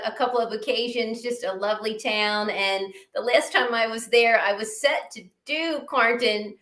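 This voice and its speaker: A woman's voice: mid-range voice, fairly bright tone. A woman co-hosting a book club over a video call, easygoing and encouraging. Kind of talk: casual video-call chat. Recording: echoey room on a video call.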